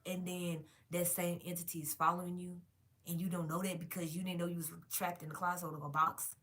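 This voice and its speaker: A woman's voice: lowish voice, flat delivery, a little fast, fairly bright tone. A woman vlogging to her viewers in a casual, emphatic and profane rant, calling them y'all.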